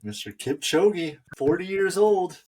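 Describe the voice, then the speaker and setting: A man's voice: high-pitched, big pitch swings, takes it slowly, darkish tone, breathy edge. A man co-hosting a running podcast, chatting casually and trailing off with fillers. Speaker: podcast co-host. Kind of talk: casual chat. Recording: voice a bit far from mic.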